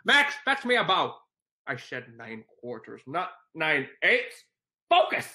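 A man's voice: fairly high pitch, wildly swooping pitch, slow pace, pushed and bright, echoey room, heavily acted. A young man doing an impression of a sneering, grumpy male Grinch in a drawling, nasal, mock-posh voice. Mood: bossy. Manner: exaggerated mock-posh delivery.

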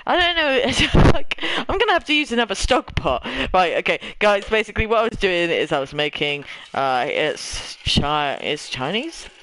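A man's voice: sits high, animated, normal speed, hardly any pauses, sharp tone, a little hiss or hum, low-quality recording. A young British man with a slight lisp, chatting casually and rambling in a self-deprecating way while streaming a game live. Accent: British English. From Britain.

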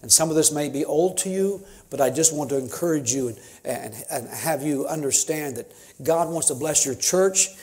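A man's voice: a little high, normal speed, few pauses, a little mellow. A man in his fifties, a missionary preaching a sermon in church, folksy and conversational, building to emphatic preaching. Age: 50s. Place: church sanctuary.

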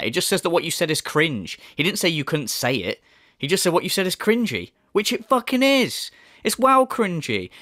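A man hosts a commentary video, his pitch swinging widely as he mocks and scoffs. He swears freely and drifts in and out of sarcastic laughs. The sound is dry and close, with no room around him. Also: a bit bright, no echo. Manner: mocking, laughing, swearing, mimics voices. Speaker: commentary channel host.

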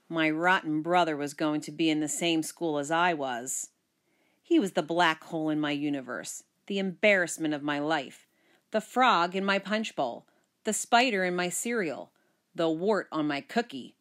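Expressive woman reading a children's book. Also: on the low side. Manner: expressive first-person narration. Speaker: storyteller. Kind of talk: children's book read-aloud.

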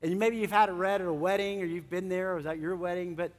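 Middle-aged pastor guy preaching, animated, gets loud then real soft, big church echo. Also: high voice, fast talker. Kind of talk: sermon. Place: church sanctuary. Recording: long church hall reverb.

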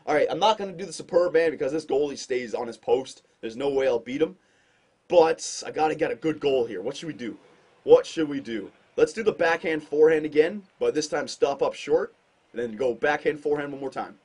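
A man doing casual gameplay commentary on a hockey shootout, excitable and self-mocking, with sudden outbursts. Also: a little high, fairly quick, breathy edge. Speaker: gaming commentator.

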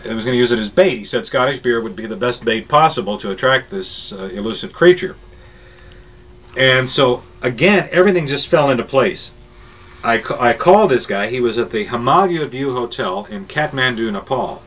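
An older radio man tells one story after another, wandering and pausing on "uh" as he goes. His voice sits at an ordinary middle pitch. He sounds a little distant from the microphone. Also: a bit bright. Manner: rambling, anecdotal, many filler pauses. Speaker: radio morning show host. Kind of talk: reminiscing interview storytelling. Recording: voice a bit distant from the mic.

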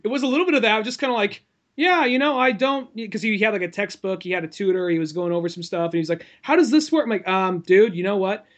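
A man's voice: sits high, rapid-fire, hardly any pauses. A man, a guest on a podcast, telling a rambling anecdote in an easygoing way. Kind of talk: casual anecdote.

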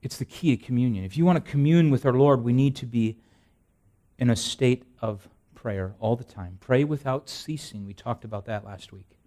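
A man's voice: medium pitch, moderate pace, mellow. A man gives a sermon in a mid-range voice, talking to the congregation more than declaiming. He leans on rhetorical questions and repeats key phrases, restarting sentences as he goes. Self-deprecating humor runs through his preaching. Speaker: pastor.

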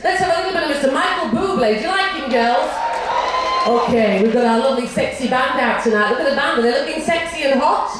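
A woman's voice: high voice, recorded from a distance, slight background noise. An older woman, a cruise ship entertainer, doing bawdy stand-up and teasing the crowd on stage. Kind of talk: stand-up comedy and singing on stage. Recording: echoey live hall, band and crowd.

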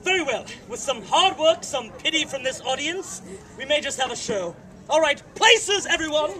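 An actor playing a pompous, exasperated Italian troupe director at an outdoor fair show. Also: male voice, very high voice, expressive, moderate pace, bright, forceful tone, far from the mic, exaggerated voice. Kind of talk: outdoor fair comedy theater. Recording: outdoor crowd noise. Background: crowd.

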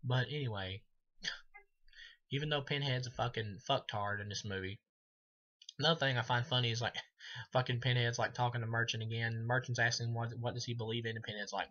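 A man's voice: mid-range voice, fairly even intonation, fairly quick, sharp tone, highs cut off. A man giving a casual, profane movie review, rambling with many fillers and laughing at his own jokes. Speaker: film reviewer.

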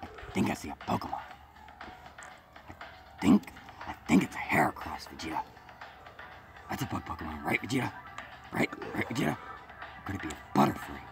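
A man putting on a dopey alien brute who rambles on in a gravelly voice. His pitch swings wide as he taunts his partner like a bored child. Game music plays behind him. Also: big pitch swings, fast talker, pauses often, full character voice. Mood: childish. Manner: rambling, crude, childish teasing. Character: dim, bald, brutish alien warrior man. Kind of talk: improvised voice over gameplay.

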